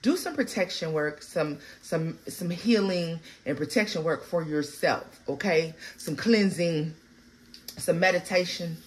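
A woman giving a casual, animated tarot reading, blunt and full of profanity. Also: on the low side, a little slow, a little hiss or hum. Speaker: tarot reader.

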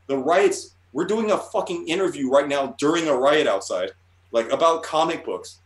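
A man's voice: a little high, expressive, normal speed. A man talking casually in an interview, rambling and swearing, often restarting his sentences. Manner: rambling, profane, with many restarts. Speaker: guest artist. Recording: roomy echo.

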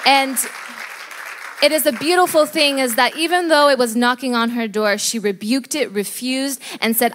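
A woman's voice: a little high, normal speed, a bit bright, some chatter behind. A woman interviewing a guest at church, speaking emphatically and preacherly, punctuating her points with amens. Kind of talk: faith testimony interview.

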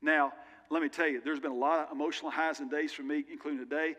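A man's voice: on the high side, steady tone, quick pace, fairly bright tone. Man preaching a sermon in church, earnest and chatty, big echoey sanctuary. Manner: earnest, conversational, with candid personal asides. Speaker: pastor. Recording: long reverb of a large church hall.

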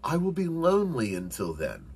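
A man voicing an excited, eager young male frog in a storybook read-aloud, calling out urgently and pleading. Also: medium pitch, normal speed, husky, voice pushed up, heavily acted.

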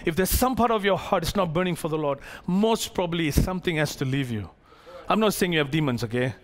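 A man preaching a sermon as pastor to his congregation, animated, acting out the characters of the story and joking with the crowd. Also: a little high, a little fast. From Malaysia. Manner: playful asides to the congregation.

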